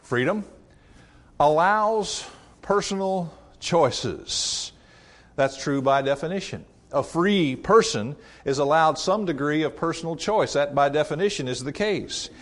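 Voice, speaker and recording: A man preaches a sermon in a conversational style, posing rhetorical questions. His intonation is lively and he talks a little slowly, raising and dropping his pitch and loudness widely for emphasis.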